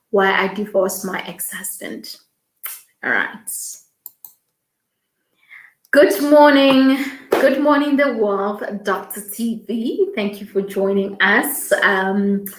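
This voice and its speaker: A woman hosting a morning livestream, talking slowly as she reads out viewer comments. She sounds emotional, and her voice rings in an echoey room. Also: mid-range voice. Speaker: host. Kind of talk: casual livestream talk.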